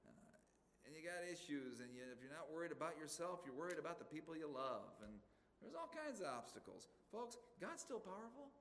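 A man's voice: fairly high pitch, sing-song, a little fast, a bit bright, slight background noise. A man from the western United States preaching a sermon as pastor, emphatic and conversational, firing off rhetorical questions to his church. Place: church sanctuary. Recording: long reverb of a large hall.

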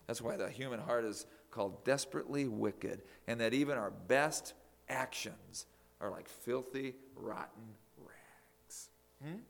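A man preaching a sermon, emphatic, swinging from loud declarations to near whispers. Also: on the low side, vocal fry.

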